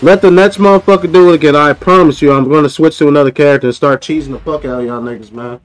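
Aggravated man streamer, high voice, profane repetitive gameplay rant. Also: fast, soft background music, low-quality recording. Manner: frustrated ranting, repeats himself, profane. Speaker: gaming streamer. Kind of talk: live gameplay commentary.

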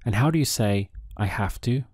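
A man teaching a language lesson, enunciating each phrase slowly and carefully. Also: on the low side, expressive, darkish tone, slightly rough, no echo, clean studio sound.

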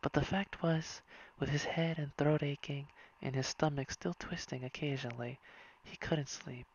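A reader narrating a whispered bedtime story in a soft, hushed and unhurried way. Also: medium pitch, fairly even intonation, slightly rough. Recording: dull lo-fi recording.

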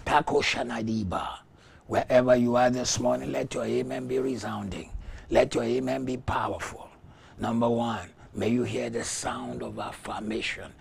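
A male pastor preaching a sermon with rhythmic, repeated declarations and prayer in tongues. He moves between hushed whispers and loud shouts. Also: mid-range voice, steady tone, moderate pace, gravelly, slight background noise.

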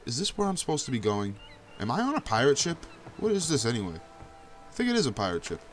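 A young man casually narrating his own gameplay, swearing often and breaking into high yelps when danger shows up. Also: wildly swooping pitch, quick pace. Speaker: gameplay commentator. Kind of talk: casual let's-play commentary.

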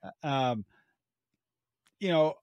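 A man's voice: mid-range voice, lively intonation, very slow, a little mellow, dry recording, muffled recording. An American man hosting a casual podcast chat, talking hesitantly with many restarts. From United States. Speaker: podcast host.

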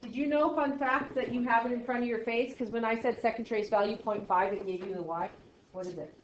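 A woman's voice: fairly high pitch, steady tone, brisk. A woman math teacher lecturing a class, chatty and self-deprecating, quizzing her students as she works. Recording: roomy, dull lo-fi sound with faint noise.

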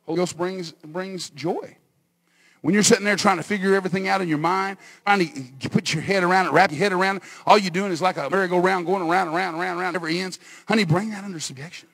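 A male pastor preaching a sermon, swinging from quiet asides to shouted exhortation and calling on the congregation to answer. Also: high voice, fairly even intonation, quick pace, husky. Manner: calls on the congregation for responses.

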